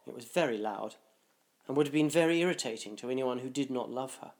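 A man reading a dark short story aloud, in a measured, deliberate narration. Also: medium pitch.

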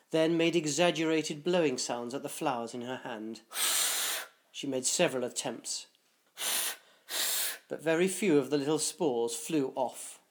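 A man reading a dark short story aloud, in a measured, deliberate narration. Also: on the high side.

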